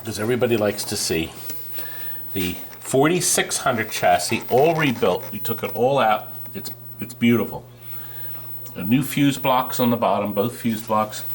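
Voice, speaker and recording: A man's voice: fairly low pitch, animated, moderate pace, slight background noise, poor audio. A man co-hosting a casual show about restoring arcade games, talking enthusiastically and cracking jokes. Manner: chatty, enthusiastic, reads aloud and jokes. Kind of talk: casual on-camera show and tell. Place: amusement game shop or warehouse.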